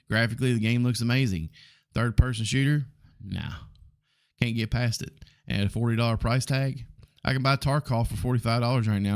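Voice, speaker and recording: A man's voice: on the low side, creaky. A man in his forties with a Southern US accent, hosting a casual solo podcast and talking in a rambling, blunt way with plenty of ums and the odd curse. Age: 40s. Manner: rambling, blunt, frequent ums and mild swearing. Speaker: podcast host.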